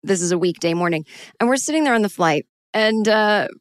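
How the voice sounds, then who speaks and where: A woman tells a personal story in a lively, self-mocking way and acts out what people said. Her voice sits in a mid range. The recording is dry and close, with no room sound. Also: mid-range voice, fairly quick, no echo. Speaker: storyteller guest.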